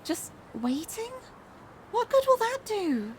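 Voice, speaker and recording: A woman's voice: very high voice, big pitch swings, takes it slowly, slight background noise, pitched above the performer's own voice, full character voice. A British woman voicing a worried young woman who sounds deflated and doubtful. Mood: dejected.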